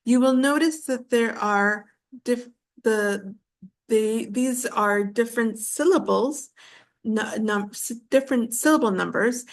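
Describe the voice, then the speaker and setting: A woman teaching an online English class over a video call, patiently repeating words slowly with frequent fillers. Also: a little high.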